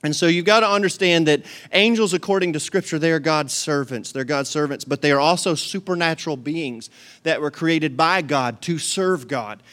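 A man preaches a sermon with a folksy, joking manner. His voice sits a little high and sounds smooth and clear. He stays animated from line to line. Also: moderate pace. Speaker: pastor.

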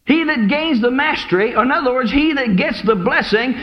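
A man's voice: very high-pitched, animated, fairly quick, highs cut off. A man preaching a fervent sermon at a church service, exhorting the congregation.

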